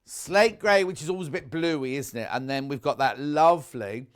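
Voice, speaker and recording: A man's voice: a little high, moderate pace. A man presenting fabrics on a live shopping channel, chatty and gushing, stopping often to correct himself. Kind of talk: live TV sales pitch.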